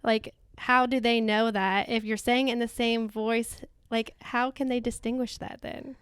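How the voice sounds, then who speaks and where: A woman's voice: a little high, level tone, measured pace, smooth, no room sound. A young woman hosting a casual interview, curious and chatty, often saying "I feel like". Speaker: podcast host.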